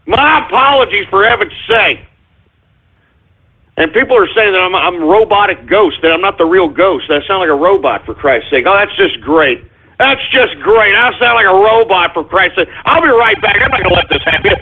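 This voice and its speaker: An agitated man hosting a live radio show, cursing and stumbling through restarts and fillers. His voice is fairly high and comes through a thin, phone-like line. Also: expressive, normal speed, breathy edge. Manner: agitated, swearing, rambling with many fillers. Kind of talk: live call-in radio rant.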